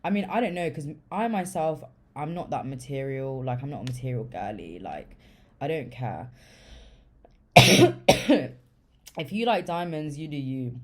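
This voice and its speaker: A woman's voice: low-pitched, lively intonation, unhurried, long pauses, a little hiss or hum. A young woman telling a story in a loose, casual way, full of swearing and fillers like "like". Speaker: vlogger.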